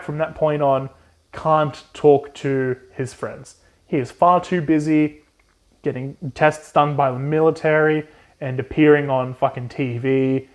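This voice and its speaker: A young man co-hosting a casual book recap, swearing freely and quickly acting out the characters in put-on voices. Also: mid-range voice. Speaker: podcast co-host.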